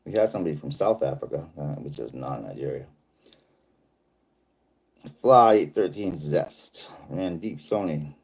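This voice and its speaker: A man's voice: extremely low pitch, animated, a little slow, creaky, long pauses, a little mellow, slightly rough. A middle-aged man from Boston with a Boston accent, hosting a casual livestream and reading viewer comments in a rambling, laid-back way. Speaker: livestream host.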